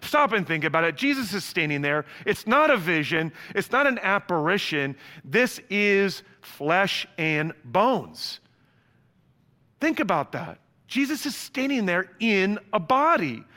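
A male pastor preaching a sermon, with a bright, forceful tone that sits a bit high for a man. He tells stories with humor and casual asides. His voice rings out with a long reverb, as in a large hall. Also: very animated, measured pace.

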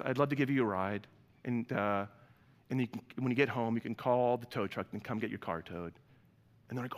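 Lively, animated male preacher. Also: medium pitch, long reverb tail. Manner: animated storytelling with playful voices for quoted people. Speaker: pastor. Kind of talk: sermon.

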